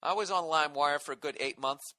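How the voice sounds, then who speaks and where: A man's voice: on the high side, a little fast, bright, forceful tone. A man hosting a podcast, delivering an indignant, sarcastic monologue full of swearing. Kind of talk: profane ranting monologue.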